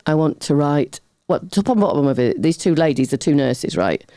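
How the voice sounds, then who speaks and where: Mellow-voiced woman telling a lively story. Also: low-pitched, normal speed, no room sound, clean studio sound. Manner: lively, acts out quoted voices, goes off on tangents. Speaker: podcast guest. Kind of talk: animated personal storytelling.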